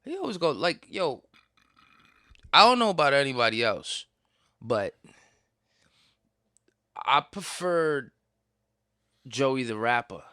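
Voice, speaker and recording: A young man, hosting a casual podcast and telling stories in an animated, slangy way full of swearing. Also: mid-range voice, takes it slowly, long pauses, no room sound, studio quality. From Puerto Rican, raised in New York. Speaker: podcast host.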